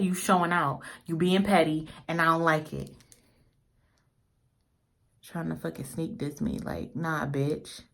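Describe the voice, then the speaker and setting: A woman's voice: on the low side, steady tone, unhurried, vocal fry, long pauses. A young woman, a little tipsy, chatting casually through a makeup tutorial, rambling and swearing in playful trash talk. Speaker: beauty vlogger.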